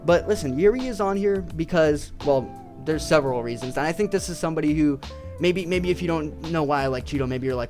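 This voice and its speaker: A man's voice: fairly high pitch, brisk, over music. A young man ranting casually about his favorite fighters, swearing constantly and rambling. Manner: profane, rambling, excitable. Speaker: video creator.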